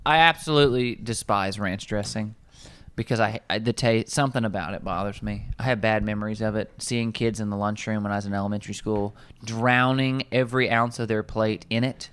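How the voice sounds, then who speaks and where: A young man, a nutrition coach, chatting casually in an office kitchen, reading out ingredient lists in a wry, animated way. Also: lowish voice, a little fast, clear, resonant tone.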